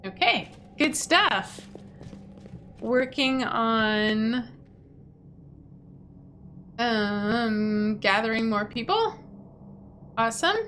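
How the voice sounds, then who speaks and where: A woman's voice: on the high side, animated, extremely slow, long pauses, a bit bright, slight background noise. A woman streamer casually chatting and reacting aloud as she plays a video game. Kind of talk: casual gameplay commentary.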